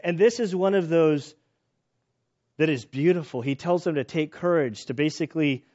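A middle-aged man preaching a sermon in a conversational, animated storytelling way with restarts. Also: fairly high pitch, moderate pace. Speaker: pastor. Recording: dull lo-fi recording.

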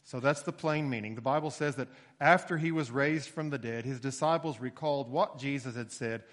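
A man's voice: mid-range voice, brisk. A male preacher giving an expository sermon, explaining steadily and rising for emphasis now and then. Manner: explanatory, steady teaching tone with occasional emphatic rises. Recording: long hall reverb.

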